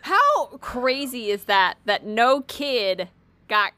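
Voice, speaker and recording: A woman's voice: on the high side, very animated, takes it slowly, pushed and bright, dry recording. A woman co-hosting a casual podcast, teasing and laughing often. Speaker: podcast co-host.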